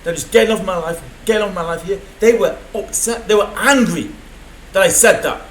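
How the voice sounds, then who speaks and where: A man's voice: sits high, fairly quick, echoey room, slight background noise, poor audio. A man rambling through an unscripted video diary from a room in a mental health hospital, swearing often. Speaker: vlogger.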